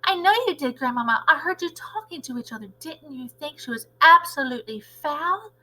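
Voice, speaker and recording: A woman's voice: high voice, expressive, a little fast, bright, forceful tone, voice pushed up, poor audio. A woman reading aloud, voicing an eager young boy in a storybook. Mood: relieved. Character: small brave boy, excited and breathless.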